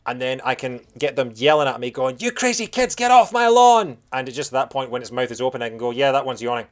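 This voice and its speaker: A man giving casual gameplay commentary as a let's play host, excitable and chatty, humming tunes and cracking jokey asides. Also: medium pitch, fast talker, faint music behind.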